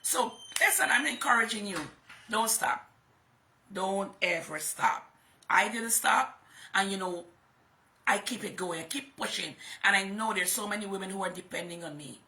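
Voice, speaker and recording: A woman's voice: medium pitch, normal speed, pushed and bright. A woman hosting a livestream, giving an emphatic motivational talk and repeating phrases for stress. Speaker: host and motivational speaker.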